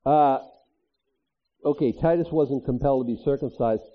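A man's voice: medium pitch, normal speed. A man who is a pastor, preaching a sermon in a conversational way with frequent asides. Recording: dull lo-fi audio.

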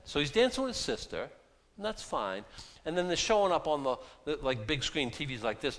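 A male pastor gives a loose, conversational sermon, full of asides and self-mockery. His voice drops low and quiet, then jumps up loud and high. Long reverb from the church hall trails each phrase. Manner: chatty, self-deprecating, swings from hushed to loud. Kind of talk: casual sermon.

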